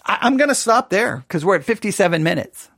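A man's voice: sits high, big pitch swings, fairly quick, creaky, a bit bright, no echo, studio quality. A man giving a long teaching sermon as a Bible teacher, conversational, provocative and sarcastic.

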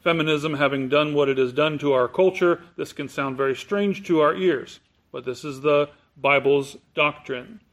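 A man preaching a sermon, explaining scripture word by word in a deliberate, emphatic teaching manner. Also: a little high, a bit bright. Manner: slow, deliberate, explanatory, stresses key words.

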